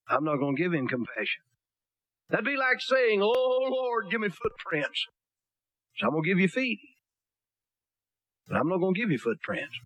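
A male preacher with a high-pitched voice, delivering a blunt, folksy sermon full of homespun jokes. He reads King James scripture aloud between his asides. The sound is close and dry, with almost no room echo. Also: fairly bright tone. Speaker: pastor.

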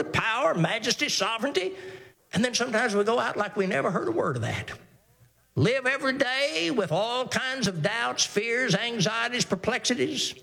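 In his sermon, a male pastor with a high, slightly bright voice touched with vocal fry speaks earnestly, repeating phrases and restarting now and then. Periodically he reads aloud from old scripture in formal language.

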